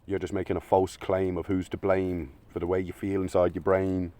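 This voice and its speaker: A man's voice: deep voice, flat delivery, normal speed, warm tone. A man giving a blunt, argumentative monologue, swearing often. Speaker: channel host. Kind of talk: opinionated monologue.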